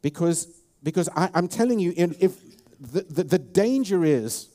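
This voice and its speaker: With a South African accent, this man delivers a sermon as a pastor at normal speed, his high-pitched, mellow voice rising and falling with lively intonation. He's emphatic and repetitive, restarting often and repeating words.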